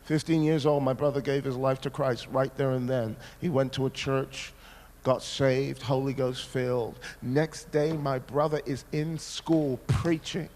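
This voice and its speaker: A man preaching a sermon, telling a personal story in an animated way, acting out his own past words and sometimes breaking into shouts. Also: medium pitch, a little slow. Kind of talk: sermon testimony. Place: large church hall. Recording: long hall reverb.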